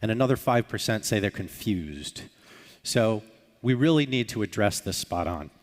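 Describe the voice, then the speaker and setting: A man speaking in a conference hall gives a talk, explaining things and acting out short sample dialogues complete with filler sounds. His voice is fairly low and animated, at a normal speed, with hall reverb on the recording.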